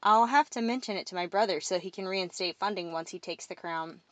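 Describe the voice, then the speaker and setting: A woman's voice: on the low side, fairly quick, a bit bright, dry recording, close to an everyday voice. A woman voicing a polite, earnest young male prince at school in an audiobook, plain-spoken and courteous.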